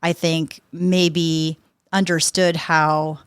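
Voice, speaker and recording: A woman in her fifties, a guest on a podcast, telling lively anecdotes and acting out what people said. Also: sits low, drawn-out words, smooth, no echo, clean studio sound. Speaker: podcast guest, sports executive. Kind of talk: conversational interview storytelling.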